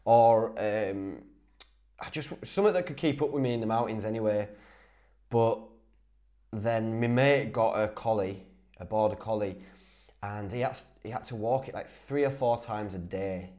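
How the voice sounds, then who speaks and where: A man's voice: lowish voice, normal speed, dark tone. A young man from Whitby with a North Yorkshire accent, a podcast host answering listener questions in a chatty, laddish way, laughing easily and restarting his sentences. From Whitby, North Yorkshire, England. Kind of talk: casual solo Q&A.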